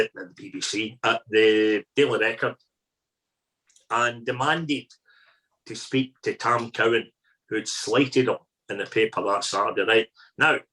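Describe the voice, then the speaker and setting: A middle-aged Scottish man, a podcast guest telling colloquial, lively stories as a food critic. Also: mid-range voice, poor audio. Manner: colloquial, animated raconteur. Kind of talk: anecdotal storytelling.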